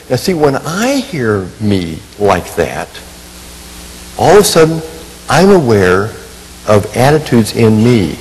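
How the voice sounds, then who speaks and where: A man telling a personal story in a sermon, animated and poking fun at himself, acting out what people said. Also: medium pitch, in a large hall, slight background noise, rough recording. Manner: animated, self-mocking humor, acts out quotes. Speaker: Christian minister and family counselor.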